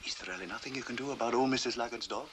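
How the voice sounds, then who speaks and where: An actor playing a vet's male assistant, quick and reproachful. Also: medium pitch, background noise, natural voice.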